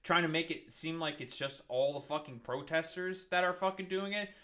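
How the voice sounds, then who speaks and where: A man's voice: fairly high pitch, fairly even intonation, moderate pace, sharp tone. A man giving heated, profane and sarcastic reaction commentary on news clips. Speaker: political commentary streamer.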